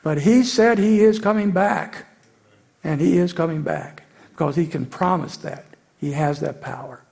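Gravelly high-voiced male preacher. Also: normal speed, a little mellow. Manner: earnest, rises to emphatic peaks. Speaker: pastor. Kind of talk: sermon.

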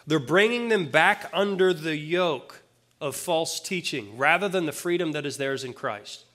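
A man with a somewhat high voice preaching a sermon. He talks to his listeners in a plain-spoken, conversational way and drops casual asides as he explains the scripture. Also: expressive, measured pace, pushed and bright. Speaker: pastor.

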